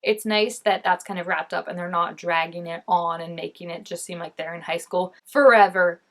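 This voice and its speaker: This TV reaction vlogger is a young adult woman with a lowish, fairly bright voice, speaking at normal speed with fairly even intonation. Reacting to an episode in a casual, chatty way, she leans on fillers, laughs often, and yells mock-dramatically at the screen.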